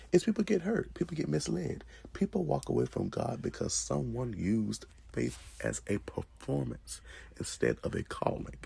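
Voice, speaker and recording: Male host, faith commentary, gravelly and dark, rhetorical with casual asides. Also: lowish voice. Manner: conversational and rhetorical, with repeated phrases and asides.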